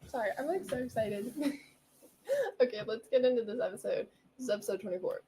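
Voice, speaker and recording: A woman's voice: on the high side, fast, noisy background. A young woman hosting her own podcast alone, chatting in a bubbly, rambling way with lots of giggles. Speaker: podcast host. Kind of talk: casual solo podcast chat.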